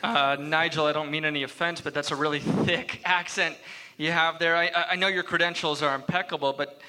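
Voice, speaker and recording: A man's voice: on the high side, steady tone, a little fast, bright, forceful tone, poor audio. An actor playing a polite studio producer who hesitates and stammers as he grows exasperated. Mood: hesitant.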